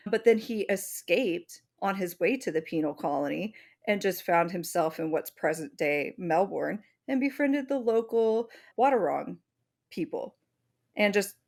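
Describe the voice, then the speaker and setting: A woman co-hosting a podcast, presenting the episode's topic in casual chat, animated and swearing freely. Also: medium pitch, measured pace, gravelly. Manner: animated, swears freely, acts out little voices.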